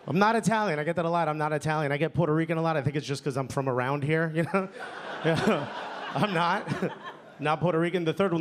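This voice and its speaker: A man doing a stand-up set on a club stage into a handheld mic. He talks in a chatty way, tags his lines with "you know?" and "okay?", and laughs along at his own jokes. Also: a little high. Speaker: stand-up comedian. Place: comedy club stage before a live audience. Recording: live club recording, audience laughter and noise.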